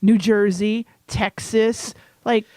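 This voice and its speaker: A woman's voice: medium pitch, steady tone, slow pace, darkish tone, no room sound. A playful, teasing woman co-hosting a casual chat podcast. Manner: playful, teasing, laughs often. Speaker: podcast co-host.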